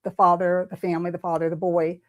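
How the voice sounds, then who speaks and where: A woman's voice: fairly low pitch, little pitch movement, quick pace, faint music behind. A woman, a tarot reader, telling a personal story in casual chat, emotional and rambling with many restarts. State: tearful at the start. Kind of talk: casual storytelling on a talk stream.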